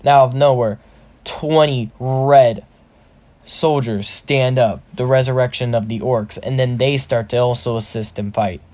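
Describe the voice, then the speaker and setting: A man's voice: medium pitch, steady tone, a little slow, darkish tone. Rambling man narrating fan fiction. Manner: rambling, self-correcting. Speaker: storyteller.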